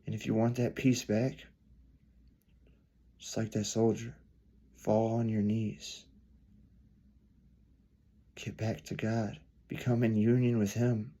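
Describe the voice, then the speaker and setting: A man preaching a storytelling sermon, earnest, swelling louder then dropping soft. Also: lowish voice, little pitch movement, slow, long pauses.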